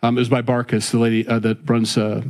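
Talking quickly in a monotone, medium-pitched voice with a darkish tone, a middle-aged man rambles casually and earnestly. A father who hosts faith-based talk, he keeps restarting and ends up preaching about faith.

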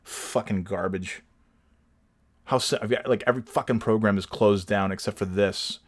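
A man talks casually into his home podcast mic, rambling and swearing freely with a self-deprecating edge. His voice sits fairly low. The sound is dry and close, with almost no room around it. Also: normal speed, no room sound. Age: adult with children. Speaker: podcast host. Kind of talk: casual solo podcast storytelling. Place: home recording setup.

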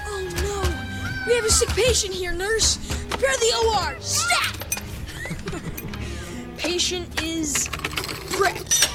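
A gleeful bratty boy over loud film music. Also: very high-pitched, expressive, slow, heavily acted. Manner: gleeful, theatrical, mock-doctor bossiness. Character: mischievous bratty boy tormenting toys.

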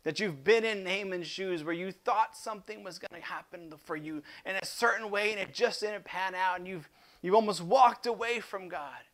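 A man preaching a sermon as pastor, impassioned and swinging from loud emphasis to hushed intensity, often repeating words as he restarts. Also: high voice, moderate pace.

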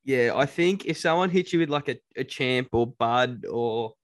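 A man's voice: medium pitch, moderate pace, dry recording, studio quality. A man, chatting easygoingly on a podcast and poking fun at himself. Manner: easygoing, self-mocking. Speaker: podcast co-host. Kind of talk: casual chat.

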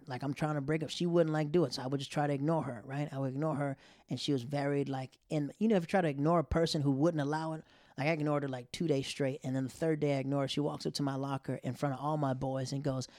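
Animated man telling a comic story. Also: a little high, dry recording, clean studio sound. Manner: loose, animated, acts out other people's voices.

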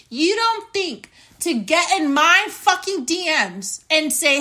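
A woman's voice: high voice, big pitch swings, slow, hardly any pauses, pushed and bright. A young woman hosting a podcast, telling a personal story in a blunt, indignant monologue with plenty of swearing. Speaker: podcast host.

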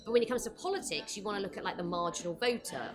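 A woman guest chatting over lunch in a restaurant, quick and self-deprecating, with many fillers. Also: medium pitch, expressive. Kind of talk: casual chat over lunch. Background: background music.

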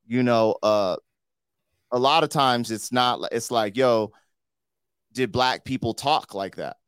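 A man with a fairly low voice hosts a podcast, recorded in studio quality with no echo. His chat is loose and slangy, full of "like" and "you know."

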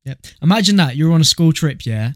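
Young male podcast co-host, fairly high voice, loose and sweary, storytelling, dry close mic. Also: lively intonation, a little fast, no echo. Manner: swearing, jokey, tells stories with relish. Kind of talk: casual chat.

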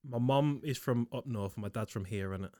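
In a clean, dry studio recording, a Liverpool-born podcast co-host in his 20s argues with animation and laughs through a relaxed chat, dropping London-style slang. His pitch is medium and his pace normal.

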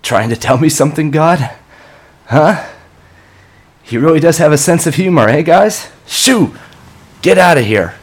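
A man voicing an injured, frantic man haunted by his dead ex, who swears and shouts in a raw, unhinged, pained way. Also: fairly low pitch, lively intonation, slow pace, creaky, long pauses, husky, voice pushed up, exaggerated voice. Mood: shouting. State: coughing and in pain.

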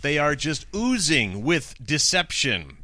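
A man co-hosting a talk podcast, joking with his partner, plugging the show and reading a Bible passage slowly. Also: on the high side, sing-song, sharp tone. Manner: jokey, plugs the show, reads verses slowly. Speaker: podcast co-host. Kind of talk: casual chat and scripture reading.

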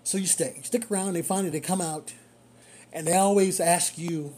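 A man who works as a rideshare driver, telling a story in a casual, animated way and chuckling often. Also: high-pitched, fairly quick, husky.

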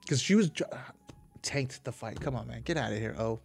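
A man's voice: mid-range voice, lively intonation, moderate pace, vocal fry, faint music behind. A man hosting a casual solo podcast, rambling loosely, swearing freely and laughing often as he talks. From half Filipino. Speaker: podcast host.

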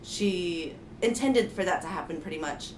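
A woman's voice: fairly low pitch, normal speed. A young adult woman co-hosting a podcast, talking emphatically in a casual chat with lots of fillers. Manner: chatty, emphatic, many fillers. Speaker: podcast co-host. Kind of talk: casual chat about a book. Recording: roomy echo, faint hiss.

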